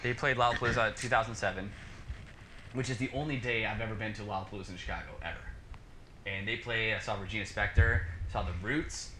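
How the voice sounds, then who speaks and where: A man's voice: lowish voice, fast. A man telling a story in a casual chat, acting out the dialogue in his own voice with lots of fillers. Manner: animated, acts out dialogue, many fillers. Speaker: podcast guest, musician. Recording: echoey room with background noise.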